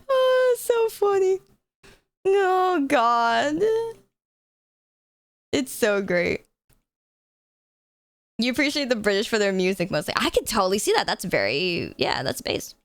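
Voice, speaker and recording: A woman's voice: a little high, very animated, measured pace, pauses often, a bit bright, smooth, dry recording. A woman streaming live, chatting casually with her viewers, laughing often and swearing freely. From United States.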